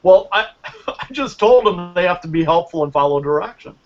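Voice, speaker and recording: A man speaking as the guest magician in a casual panel chat. He is animated and acts out the exchanges he describes. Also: high voice, normal speed, faint music behind. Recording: slightly muffled.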